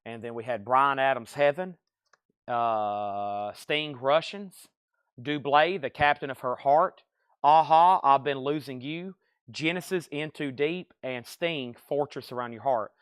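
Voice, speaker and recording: A man running a live record sale stream, rattling off titles, buyers and prices in a brisk, upbeat patter, with a noticeable accent of his own. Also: medium pitch, a bit bright, clear, resonant tone, no echo. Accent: regional accent he mentions himself. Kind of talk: live sales stream, reading out items and buyers.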